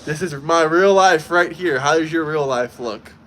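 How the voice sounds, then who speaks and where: A man's voice: on the high side, moderate pace, a bit bright, slight background noise. Combative man hosting a livestream. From United States. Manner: combative, talks to chat. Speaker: livestream host. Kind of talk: casual livestream commentary.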